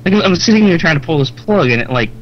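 Rambling young man with lively pitch. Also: quick pace, muffled recording, soft background music. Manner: rambling, giggly, lots of fillers. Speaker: let's play host. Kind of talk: casual gaming commentary.

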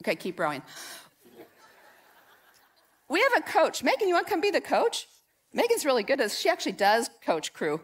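A woman pastor preaches in a church, conversational and animated. She tells personal stories, invites people up to help, and talks straight to the congregation. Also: sits high, a little fast, pauses often. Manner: conversational, animated storytelling with audience participation. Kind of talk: sermon. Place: church sanctuary.

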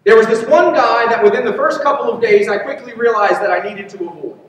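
A pastor with a very high voice tells a story from the pulpit in an earnest, personal way. He sounds distant from the mic, and his words ring through a big hall with a long trailing reverb. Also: brisk. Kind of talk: sermon. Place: church sanctuary. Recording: echoey hall from far off.

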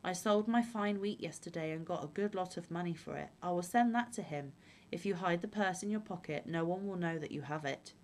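Lady reading a foolish old widow, gushy, kinda low voice. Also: a little fast, darkish tone, close to an everyday voice. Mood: eager.

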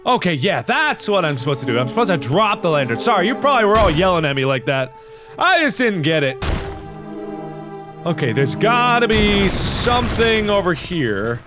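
Young man, let's-play host, high voice, wildly swinging pitch, loud sweary outbursts, screams. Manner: talks to himself and the viewers while playing. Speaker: gaming video host. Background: game music.

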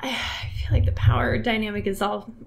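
A woman comedian, a podcast guest, telling a rambling story in animated casual chat full of fillers. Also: mid-range voice, fairly quick, gravelly, a little hiss or hum.

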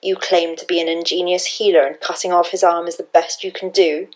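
A woman reading an audiobook, voicing a cold, imperious caged father who speaks slowly and with scorn. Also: fairly low pitch, little pitch movement, lightly acted, rough recording. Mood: scornful.

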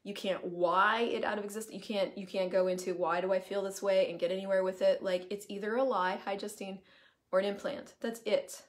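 A woman hosting a casual live stream, talking in an animated way with the odd swear word and drifting into asides, in the middle of her usual pitch range. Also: fairly quick. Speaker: host, coaching facilitator.

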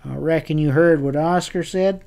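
Man doing a tough cowhand, slow, groping, bewildered, loyal, storybook western. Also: a little high, creaky, a little mellow. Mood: grave.

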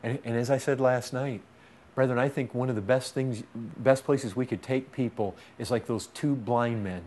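An impassioned male preacher with a mid-range voice delivers a sermon. He swings between loud urgency and hushed, intense stretches. His cadence is repetitive and pleading. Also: mid-range voice, fairly even intonation, normal speed, slight background noise.

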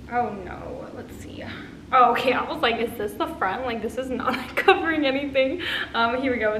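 A woman's voice: sits high, a bit bright. A woman in her twenties, a vlogger casually unboxing a haul, gushing and bubbly with lots of fillers. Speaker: influencer vlogger. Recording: echoey room with faint ambient noise.

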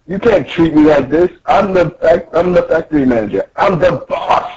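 A man's voice: fairly high pitch, expressive, normal speed, a little mellow, highs cut off, slight background noise, voice pushed up, natural voice. A man doing a gloating factory boss. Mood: menacing. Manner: threatening, gloating. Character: menacing male factory boss, cruel, gloating.

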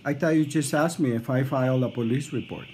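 A man with a strong non-native English accent, insistently filing an insurance claim over the phone in a formal, halting way. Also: medium pitch, darkish tone, slight background noise. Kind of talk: recorded phone call.

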